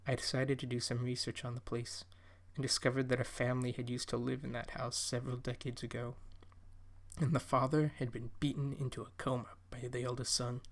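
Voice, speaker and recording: A man narrating a horror story in a measured, steady storytelling delivery. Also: medium pitch.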